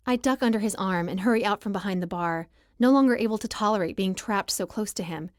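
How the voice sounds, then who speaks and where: A woman's voice: mid-range voice, fairly quick, no echo. A woman reads a first-person romance audiobook with emotional expression. Her voice sits in a middle register. The recording is close and dry. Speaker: audiobook narrator.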